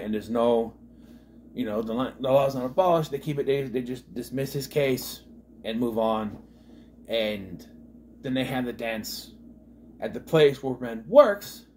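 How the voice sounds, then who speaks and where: A man's voice: mid-range voice, darkish tone, slight background noise. A man giving a casual, rambling movie review, trailing off with lots of asides. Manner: rambling, full of "you know" and restarts.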